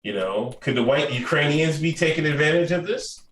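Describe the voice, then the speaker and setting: A man's voice: fairly high pitch, expressive, a little fast, a bit bright. A man co-hosting a podcast, talking loosely and profanely and laughing often. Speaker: podcast co-host. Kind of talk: casual chat. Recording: echoey room with faint noise.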